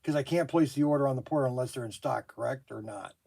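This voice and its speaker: A middle-aged man, a hobby shop owner, taking phone calls and exclaiming in loud disbelief, often repeating himself. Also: medium pitch, fast, gravelly, husky. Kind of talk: phone calls during a work livestream. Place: his toy shop.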